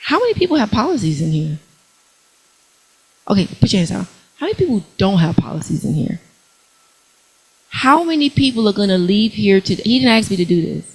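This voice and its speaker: A young adult woman, giving an animated motivational money talk to a live audience, calling out questions to the crowd. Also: medium pitch, a little fast, long pauses, breathy edge, rough recording. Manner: animated, preachy, calls out to the crowd. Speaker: workshop speaker.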